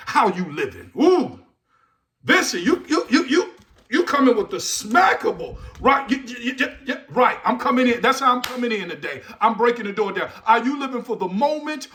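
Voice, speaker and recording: High-pitched man, hyped motivational host, preachy and repetitive, punchy rhetorical questions. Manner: loud bursts and shouting at the start. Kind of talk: motivational morning talk.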